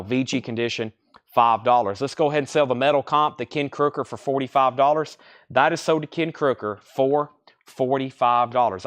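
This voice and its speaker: A young man hosting a live record sale, rambling casually between quick price call-outs. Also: mid-range voice. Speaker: record store host running a live sale. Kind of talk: casual livestream sales patter.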